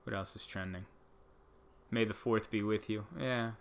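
A man doing a casual comedic monologue, rambling and exasperated, jumping into high mock outbursts. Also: steady tone, unhurried, clean tone. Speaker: comedian host.

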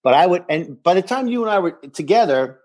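A man's voice: high voice, a little fast. A middle-aged man co-hosting a casual rewatch podcast, retelling scenes and acting out their lines. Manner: animated, acts out lines from scenes. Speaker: podcast co-host.

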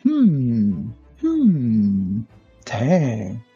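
Husky-voiced man running a tabletop game. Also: mid-range voice, wildly swooping pitch, very slow, dark tone, no echo, soft background music. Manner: laughs often, hesitant fillers. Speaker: game master. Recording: dull lo-fi audio.

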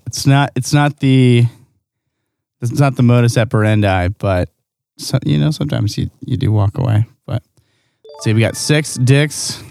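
A man's voice: mid-range voice, a little slow, vocal fry, a little mellow, no room sound, studio quality. Easygoing man, laughing co-host. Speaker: podcast co-host. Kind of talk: casual chat during a drinking game.

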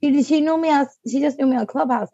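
A woman's voice: high-pitched, fast, creaky, no echo, lo-fi sound. A middle-aged woman chatting casually as a guest, telling a story and acting out the voices of others. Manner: animated storyteller acting out quotes. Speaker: client, podcast guest. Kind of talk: casual conversation.

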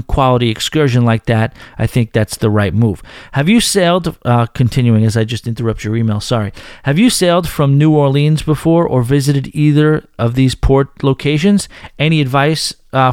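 A man's voice: medium pitch, darkish tone, clean tone, no room sound, clean studio sound. A man with a Northern New York accent hosting a podcast, chatting casually and reading listener emails with frequent asides. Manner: chatty, self-deprecating, interrupts emails with asides. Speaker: podcast host.

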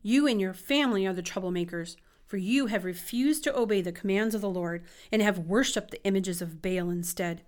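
A woman voices a bold, fervent male prophet, declaiming his words with earnest conviction. The voice sits at an everyday middle pitch, unhurried and clear, as from a storybook reading. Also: close to an everyday voice. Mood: declaring.

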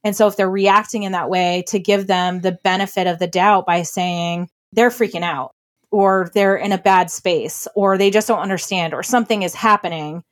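A woman's voice: medium pitch, fairly even intonation. Earnest, emphatic woman podcast co-host. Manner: emphatic, earnest, quick to laugh. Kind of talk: casual relationship advice chat.

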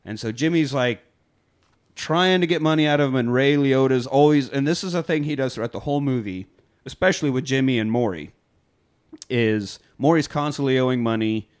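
A man co-hosting a podcast, retelling a film scene with lively, profane energy and acted-out quotes. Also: mid-range voice, brisk. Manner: animated storyteller, heavy swearing, acts out quotes. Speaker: podcast co-host. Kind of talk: casual film-review chat.

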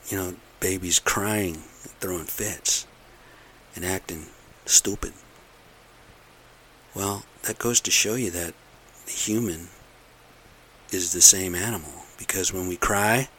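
Deep-voiced middle-aged man ranting bluntly. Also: sharp tone, a little hiss or hum. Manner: aggrieved, blunt, repetitive ranting. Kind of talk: casual rambling monologue.

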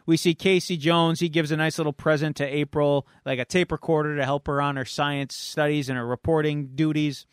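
A man's voice: a little high, fairly even intonation, brisk, hardly any pauses, clear, resonant tone, no echo, studio quality. A man hosting a podcast, casually and playfully retelling a comic story. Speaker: podcast host.

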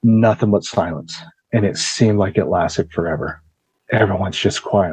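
A man's voice: low voice, normal speed, darkish tone, slightly rough, poor audio. A man on a podcast telling a story in a casual way, swearing freely and acting out what others said. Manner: vivid retelling, swears freely, acts out the voices of others.

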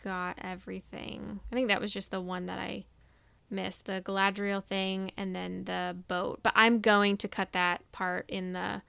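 Gravelly-voiced chatty woman podcaster. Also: mid-range voice, little pitch movement, unhurried, pushed and bright, dry recording. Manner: chatty, rambling, enthusiastic. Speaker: podcast co-host. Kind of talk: casual chat.

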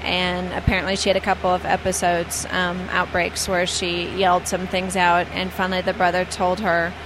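A woman's voice: fairly low pitch, monotone, normal speed, noisy background. Chatty woman telling airline stories. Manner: chatty, hesitant with many fillers. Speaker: flight attendant telling stories. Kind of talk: casual storytelling.

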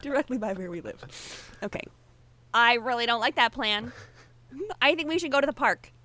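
Young-sounding woman player, high and bright, giggly, curses casually. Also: normal speed, dry recording. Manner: laughing, lively, swears casually. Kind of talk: casual tabletop play.

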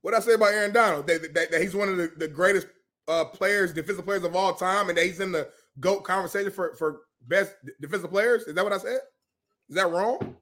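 A man's voice: high-pitched, brisk, fairly bright tone. A man co-hosting a casual sports debate show, easygoing and good-humored as he defends his views. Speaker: co-host.

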